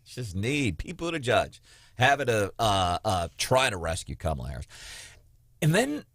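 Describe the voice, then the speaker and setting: Animated, mocking talk radio host. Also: male voice, lowish voice, normal speed, creaky, no echo, clean studio sound. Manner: animated, mocking, puts on quoted voices. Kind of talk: political talk radio chat.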